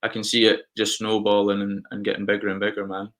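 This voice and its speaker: A man's voice: lowish voice, completely flat delivery, fast talker, a bit bright. A man hosting a casual podcast interview, encouraging and upbeat as he talks with his guest. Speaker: podcast host.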